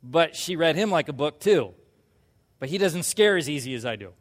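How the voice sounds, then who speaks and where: A man preaching a sermon, telling a personal story and acting out quoted lines in a hushed voice before pushing to loud emphasis. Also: a little high, animated, normal speed, big-room sound. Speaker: pastor.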